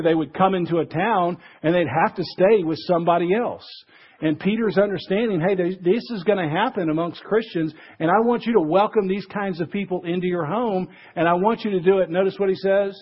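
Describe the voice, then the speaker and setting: Husky-voiced man preaching a sermon. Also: sits high, lo-fi sound. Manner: conversational, acts out quoted voices. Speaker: pastor.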